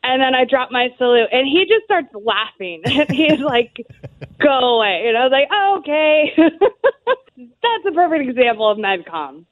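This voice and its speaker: A woman's voice: high-pitched, very animated, normal speed. A woman guest telling service stories in a casual, laughing way, full of "like" and "um". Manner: chatty, laughs often, fillers like "like" and "um". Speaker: guest, Army veteran. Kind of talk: casual interview storytelling. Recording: tinny phone-like line.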